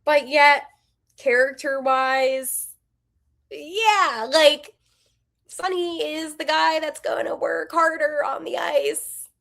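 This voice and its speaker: A woman in her twenties hosting a hockey podcast, giving candid, animated opinions with quick asides. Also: sits high, gravelly. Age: 20s. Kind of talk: casual opinionated commentary.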